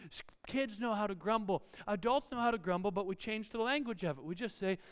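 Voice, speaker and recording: A male pastor with a high, very clear voice delivers a sermon full of animated, self-deprecating family stories. His words ring out with a long reverb through a church hall. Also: fairly quick, few pauses.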